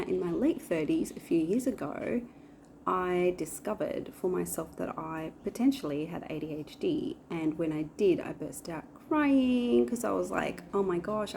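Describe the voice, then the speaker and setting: Chatty woman in her forties, mellow voice. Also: mid-range voice, gravelly, a little hiss or hum. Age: 40s. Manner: chatty and rambling, many fillers. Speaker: vlogger. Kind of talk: casual chat.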